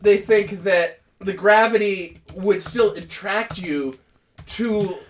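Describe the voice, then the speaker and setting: A man's voice: sits high, slow pace, roomy sound. A man co-hosting a podcast in casual chat, joking and rambling through half-finished thoughts. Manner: rambling, joking, trails off and restarts. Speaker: podcast co-host.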